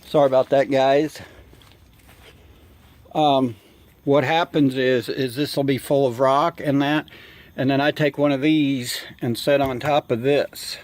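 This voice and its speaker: A man out of breath, filming a casual walk-around vlog outdoors, halting with many fillers. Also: mid-range voice, steady tone, a little mellow, no echo. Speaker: hobby gardener vlogger. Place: outdoor yard.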